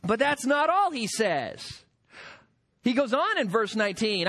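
A man preaching a sermon, emphatic and building to forceful peaks. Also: very high voice, sing-song, a little slow. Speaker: pastor.

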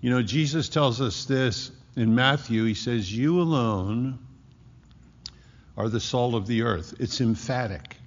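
Gravelly preacher in an echoing hall. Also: male voice, mid-range voice. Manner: emphatic, slows down on key words. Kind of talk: sermon. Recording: muffled hall recording with long echo.

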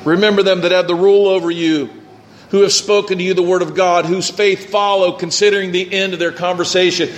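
A man's voice: sits high, little pitch movement, fairly quick, reverberant, a little hiss or hum. A male pastor preaching a sermon, reading scripture and acting out what people might say.

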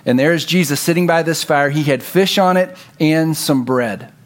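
A male pastor preaching a sermon, telling the story and acting out its dialogue, dropping to a low hush for emphasis. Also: moderate pace.

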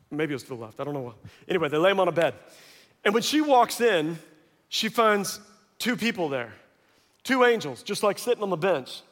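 High-voiced preacher in a reverberant hall. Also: male voice. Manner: animated storytelling, acting out quoted voices. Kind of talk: sermon.

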